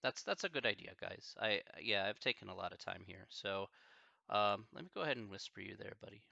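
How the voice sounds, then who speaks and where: A man, a math instructor on a live stream, talking casually and haltingly, thinking aloud with many fillers. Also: fairly low pitch, animated, vocal fry, sharp tone, dry recording, lo-fi sound.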